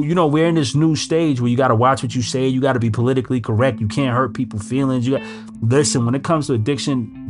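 A man giving blunt, emphatic recovery advice in casual street slang. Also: medium pitch. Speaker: recovery speaker. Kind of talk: casual motivational talk. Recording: music in background. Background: guitar music.

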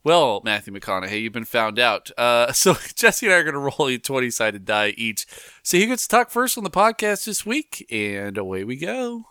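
Man, podcast host, playful, lively, smooth clear voice, dry studio sound. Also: medium pitch, normal speed, dry recording. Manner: playful, self-mocking, laughs often. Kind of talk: casual podcast banter.

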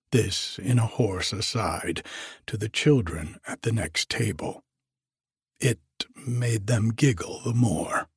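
A man reading a story aloud in a measured audiobook narration. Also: fairly low pitch, dry recording, clean studio sound. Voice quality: husky.

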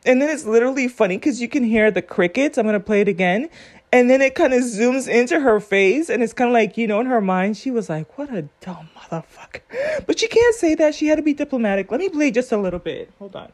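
A woman's voice: fairly high pitch, lively intonation, quick pace, darkish tone. A woman giving casual commentary on a court video, earnest and rambling as she thinks aloud.

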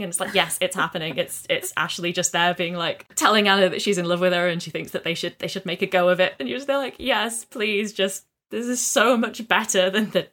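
A woman's voice: mid-range voice, fairly quick, few pauses, a bit bright. A woman co-hosting a casual podcast, retelling a game story with enthusiasm and many fillers. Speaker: podcast co-host.

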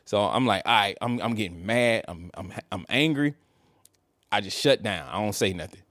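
A podcast co-host tells a casual story, laughing and animatedly acting out what people said. His lowish voice moves at a normal speed, captured in clean studio sound with no room sound.

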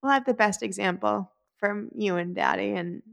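A woman's voice: mid-range voice, normal speed, gravelly. A woman hosting a casual podcast chat with her mother, laughing often and reading the sign-off, in an apartment. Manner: warm laughing, signs off the show. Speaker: podcast host, daughter.

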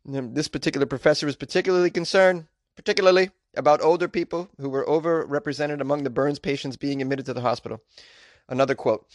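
A man's voice: on the high side, fast, no room sound, studio quality. A man hosting a podcast, reading news stories and riffing on them with jokey, rambling asides. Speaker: podcast host. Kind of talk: casual news commentary podcast.

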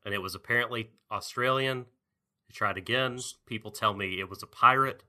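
A podcast co-host man with a low-set voice and a very bright, hard edge. He speaks in a measured, deliberate way with easy chuckles. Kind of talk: casual podcast chat.

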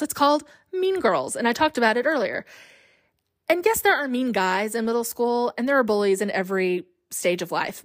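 On a clean, echo-free, studio-quality recording, a woman in her thirties with a higher voice hosts a podcast. She tells personal stories candidly and with self-deprecating humor.

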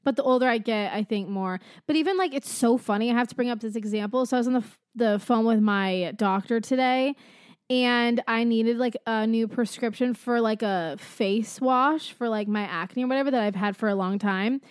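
A woman's voice: a little high, moderate pace, clear, resonant tone, dry recording, clean studio sound. A woman co-hosting a podcast in casual chat, reading topics aloud and telling stories with quoted voices. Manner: animated storyteller who mimics conversations. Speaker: podcast co-host.

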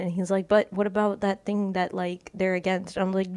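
An outspoken woman co-hosts a podcast in casual chat. She is blunt and heated, and she acts out the back-and-forth of her stories at a middle pitch. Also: steady tone, fairly quick, hardly any pauses, darkish tone. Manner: outspoken, blunt, tells stories with acted-out dialogue. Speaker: podcast co-host.

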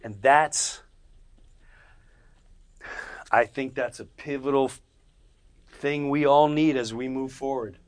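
A man hosting his podcast, telling stories in a casual monologue. He laughs as he goes and swings from loud bursts to quiet asides. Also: a little slow, clear, resonant tone. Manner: animated, laughs mid-story, jumps between loud bursts and low asides; acts out other people's voices. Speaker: podcast host.

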